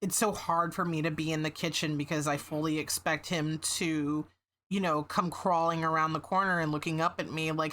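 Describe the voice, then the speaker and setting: Woman, lowish voice, casual stream chat, rambling with fillers and restarts. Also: moderate pace, fairly bright tone, slight background noise. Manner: meandering, with frequent fillers and restarts; casual swearing.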